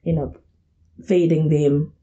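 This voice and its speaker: Soft-spoken woman with a mellow voice. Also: sits low, little pitch movement, takes it slowly, highs cut off. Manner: soft-spoken, many short agreeing replies. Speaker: podcast guest. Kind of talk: casual chat.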